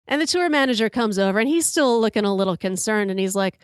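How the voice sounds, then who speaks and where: A woman in her fifties hosting a podcast, telling a story in an animated, profane way and acting out the quotes. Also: mid-range voice, quick pace, clear, resonant tone, no room sound, studio quality. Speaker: podcast host. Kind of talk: storytelling monologue.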